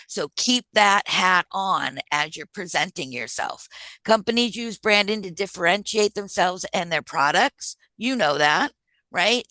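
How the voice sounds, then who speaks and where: Bright-voiced woman presenting a workshop. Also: on the low side, dry recording. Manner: conversational, keeps checking in with "right?". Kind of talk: job-search workshop presentation.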